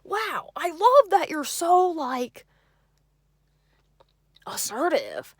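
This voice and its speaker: A woman imitating an overeager young man on a date, with a squeaky voice and excited, gushing delivery. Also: extremely slow, no echo, clean studio sound, heavily acted.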